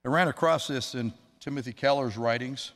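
A man preaching a sermon, earnest, slowing down to stress words and quoting scripture. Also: mid-range voice, fairly bright tone. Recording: long hall reverb.

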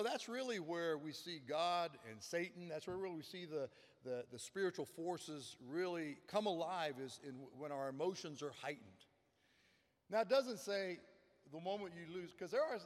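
A man's voice: fairly high pitch, in a large hall. A man preaching a sermon as pastor, earnest and emphatic, often repeating words for stress.

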